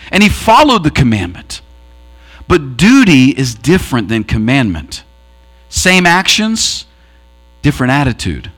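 A man's voice: a little high, fairly bright tone. A man preaching a sermon, earnestly telling a parable and acting out its quoted voices. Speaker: pastor.

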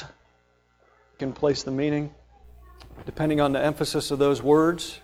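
A male preacher with a slightly higher voice, delivering a sermon that walks through scripture verse by verse. He presses key phrases with rising force, then drops back to quieter explanation. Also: little pitch movement, unhurried, long pauses, soft background music. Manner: emphatic, rising to loud stressed phrases then dropping low.

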